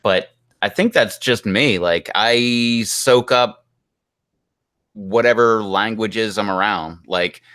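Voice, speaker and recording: A man with a Pittsburgh accent hosts a relaxed live stream, chatting casually and breaking into laughs. His voice sits a little low but sounds bright and forward. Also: slow. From Pittsburgh, US East Coast. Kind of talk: casual chat.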